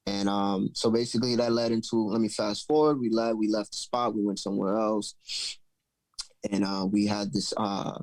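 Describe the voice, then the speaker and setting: Gravelly low-voiced man telling a story. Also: moderate pace, long pauses, dry recording, rough recording. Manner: animated, profane, loose storytelling. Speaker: podcast host. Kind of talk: casual storytelling chat.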